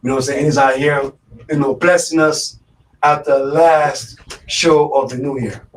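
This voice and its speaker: A man's voice: mid-range voice, fairly even intonation, moderate pace. Give me a chatty male radio host, full of fillers, recorded from a distance in a studio. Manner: rambling, with many fillers and repeated words. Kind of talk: casual live radio talk.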